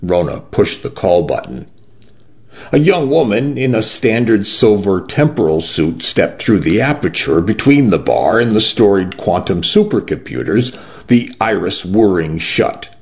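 A man narrating an audiobook in a low, unhurried voice that moves widely in pitch as he reads. His delivery is measured and deliberate. The sound is a little muffled and lo-fi. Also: very animated, gravelly, a little mellow. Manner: slow and measured.

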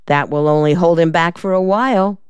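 A woman reading the part of a quick-witted, sassy young female secretary in an audiobook, with a wry drawl. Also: lowish voice, clear, resonant tone, dry recording, close to an everyday voice.

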